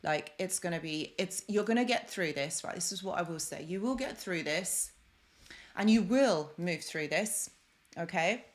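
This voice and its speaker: A woman's voice: on the low side, animated, normal speed. A woman hosting a live stream, chatting effusively with viewers and greeting them by name, then turning encouraging and reassuring. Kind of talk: casual live stream chat. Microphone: desk microphone.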